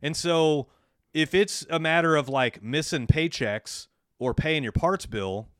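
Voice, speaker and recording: A man's voice: on the high side, unhurried, fairly bright tone, dry recording. Dry-voiced man co-hosting a podcast. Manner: storytelling, coaching business owners. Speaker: podcast co-host. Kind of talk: casual business podcast chat.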